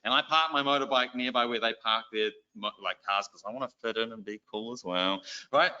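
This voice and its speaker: Bright, animated New Zealand preacher. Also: male voice, mid-range voice, brisk. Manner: animated, self-deprecating storytelling. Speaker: lay preacher and schoolteacher. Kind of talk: church exhortation. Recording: dull lo-fi recording.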